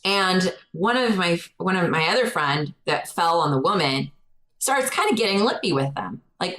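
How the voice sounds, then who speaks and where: Young woman on a podcast, chatty storyteller, kinda low voice, jumps up high doing other people's lines. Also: moderate pace, low-quality recording. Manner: animated, acts out quotes in a raised voice. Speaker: podcast co-host. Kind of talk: casual storytelling chat.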